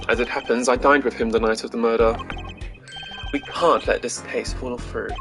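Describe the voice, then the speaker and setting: A British man voicing a calm, wry senior male lawyer in a posh British accent during a game playthrough. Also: medium pitch, normal speed, faint music behind, close to an everyday voice.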